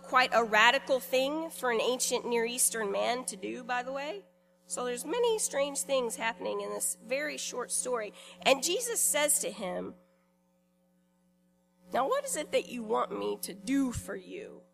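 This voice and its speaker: A woman pastor giving a sermon in a church in a conversational, lightly humorous way, pausing deliberately between phrases. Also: sits high, gravelly, fairly bright tone.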